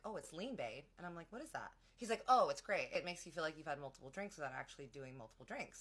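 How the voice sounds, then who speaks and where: A young woman casually telling a long personal story, chatty and slangy, acting out what everyone said. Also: deep voice. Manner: chatty, animated, acts out quotes of friends; slangy, many "like"s.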